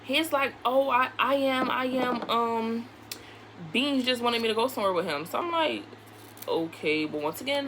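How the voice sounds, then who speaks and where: A woman's voice: a little high, slight background noise, low-quality recording. Chatty woman telling a makeup storytime. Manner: chatty and animated, acting out quoted dialogue; candid, swears casually. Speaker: beauty vlogger. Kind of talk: casual storytime while doing makeup.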